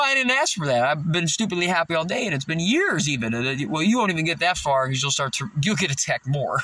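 A man's voice: high-pitched, pushed and bright, no room sound. A stoned man rambling loosely to the camera in a casual vlog, laughing often and drifting off topic. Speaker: vlogger.

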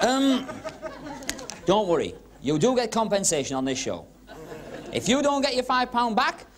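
A man doing comic magic patter on a club stage, teasing audience volunteers with quick cheeky asides. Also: extremely high pitch. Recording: 1970s TV broadcast with crowd laughter and hiss. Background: audience laughing and murmuring.

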